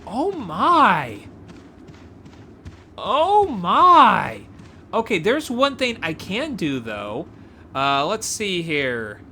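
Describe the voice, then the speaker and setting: A woman gives excited gameplay commentary, often gasping and exclaiming as she explores. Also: fairly low pitch, slow pace, a little hiss or hum. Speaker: gameplay video creator.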